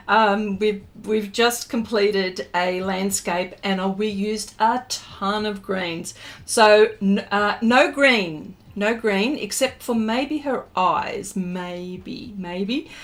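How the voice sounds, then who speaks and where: A woman with a fairly high voice chats at an unhurried pace as she hosts a live art session. She reads out her viewers' comments and answers them in a playful, self-teasing way, talking casually while she works. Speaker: art livestream host.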